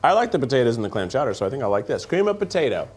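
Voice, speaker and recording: Loud music plays behind a man's medium-pitched, sing-song voice as he hosts a laid-back food-tasting chat. On the studio set with its food conveyor belt, he jokes, rambles and laughs easily between bites.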